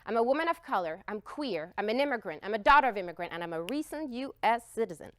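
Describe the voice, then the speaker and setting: Woman, high voice, very lively intonation, expressive storytelling talk, emphatic. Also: quick pace, no room sound. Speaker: speaker.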